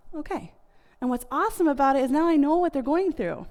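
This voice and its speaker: Talking fast with hardly any pauses, an American woman in her thirties addresses an audience on family communication in a high-pitched, slightly mellow voice. Her casual, chatty delivery is loaded with "like" and "you know."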